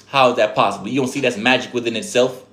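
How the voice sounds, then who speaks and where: A man's voice: mid-range voice, fairly even intonation, fast, fairly bright tone, soft background music. A man with an accent preaching casually to viewers as a spiritual teacher, profane and streetwise, firing off rhetorical questions. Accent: speaks with an accent.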